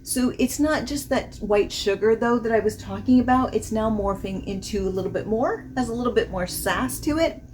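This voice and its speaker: A woman's voice: fairly high pitch, normal speed, hardly any pauses, a little mellow, slight background noise. A woman vlogging a casual fragrance review, chatty and rambling, laughing often as she describes the notes. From not from the American South.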